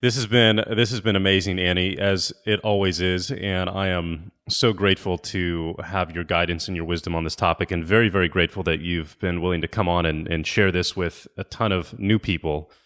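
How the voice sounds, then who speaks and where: A man's voice: low-pitched, fairly even intonation, normal speed, few pauses, fairly bright tone. A man hosting a podcast interview, appreciative and affirming toward his guest. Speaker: podcast host.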